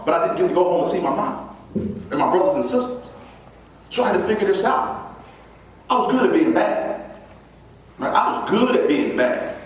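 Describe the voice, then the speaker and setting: A man tells a story from the stage, animated and quick to act out the voices of the people in it. His voice sits slightly high and is picked up from a distance. A strong hall echo and a faint hiss of noise hang around every word. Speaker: motivational speaker. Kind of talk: storytelling keynote speech. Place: large event hall.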